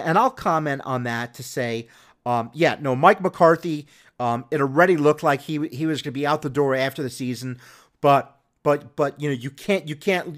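A man hosting a sports podcast, talking casually and rambling with many restarts and fillers. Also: mid-range voice. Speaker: podcast host.

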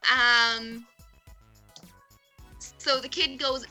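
A woman's voice: high voice, measured pace, faint music behind. A woman co-hosting a casual chat show, reading out funny texts and reacting with lots of laughter. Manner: giggly, expressive, reacts with laughter. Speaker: podcast co-host.

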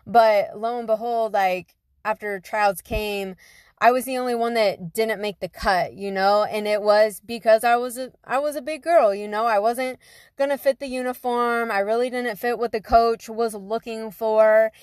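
A woman's voice: a little high, fairly even intonation, normal speed, darkish tone, clean tone, dry recording, clean studio sound. A young woman telling a personal story in a casual, conversational way, full of fillers like "you know". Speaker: guest telling her story.

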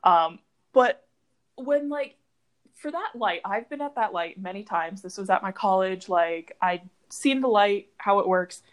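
A young woman from the United States co-hosting a podcast in casual chat, telling stories with a lively, animated delivery. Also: unhurried. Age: young adult. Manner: animated storyteller, lively swings in pitch. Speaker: podcast co-host.

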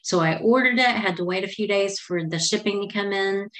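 A woman's voice: mid-range voice, fairly quick, fairly bright tone. A middle-aged woman hosting a podcast and telling a personal story in a chatty, meandering, heartfelt way. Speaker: podcast host.

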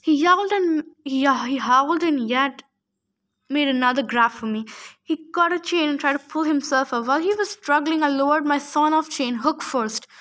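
High-voiced woman reading a story aloud. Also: normal speed, a bit bright. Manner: casual, adds joking asides. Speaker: audiobook reader. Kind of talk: first-person story narration.

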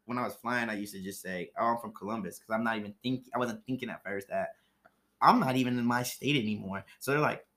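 A man's voice: lowish voice, quick pace, a bit bright. A man from Ohio, a former flight attendant, telling stories in casual chat with lots of fillers. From Ohio, USA. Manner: rambling storyteller, many fillers.

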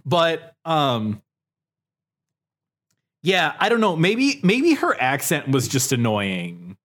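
A man's voice: a little high, huge pitch swings, takes it slowly, a bit bright. A young man co-hosting a casual chat podcast, telling a story in a rambling way with many fillers and swears. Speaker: podcast co-host.

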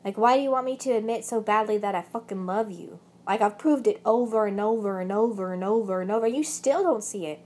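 A woman's voice: medium pitch, a little fast, few pauses. Swearing young woman with a British accent. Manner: swears heavily, rambling, bursts into angry shouting. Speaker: vlogger. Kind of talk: emotional personal rant.

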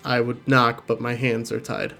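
A man voicing a bound male prisoner acting as a guide, speaking in a low, dry, muttered way. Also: level tone, normal speed, vocal fry, fairly bright tone, faint music behind. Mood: wry.

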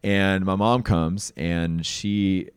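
Deep-voiced man telling a story casually. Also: fairly even intonation, drawn-out words, clean tone, no room sound. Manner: laid-back, self-mocking, says "dude" a lot. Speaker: podcast host sharing his testimony.

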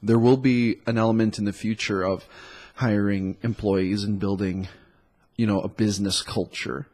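A man's voice: lowish voice, level tone, moderate pace, darkish tone. A man who has a cold, talking as a dating coach in a loose, rambling solo monologue full of likes and ums. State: stuffed up with a cold.

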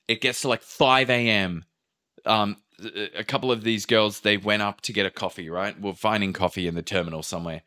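A man's voice: on the low side, steady tone, a little fast, pushed and bright. A man casually recounting a chaotic trip, acting out quotes and swearing freely. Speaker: podcast host telling a travel story. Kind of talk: casual storytelling chat.

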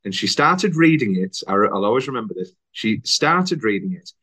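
A man's voice: lowish voice, a little fast, slightly rough. A young man hosting a casual film podcast, chatty and laughing often. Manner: chatty, laughs often, lively retelling with put-on voices. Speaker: podcast host.

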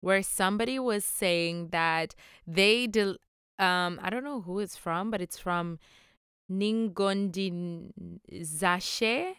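A woman's voice: mid-range voice, slow pace, a bit bright, clean tone, no echo, clean studio sound. A young woman hosting a motivational solo podcast, upbeat, playful and affectionate as she encourages her listeners. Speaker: podcast host.

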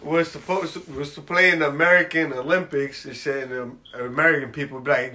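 A man's voice: a little high, brisk, hardly any pauses, pushed and bright. A man in casual debate with friends, insistent and slangy, talking over the others. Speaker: podcast co-host.

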